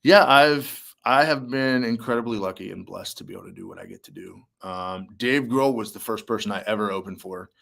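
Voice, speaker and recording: Young man telling animated stories. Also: fairly low pitch, fairly quick, gravelly, hardly any pauses. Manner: animated storyteller, acts out quotes, many fillers. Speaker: musician and army veteran guest. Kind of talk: casual interview storytelling.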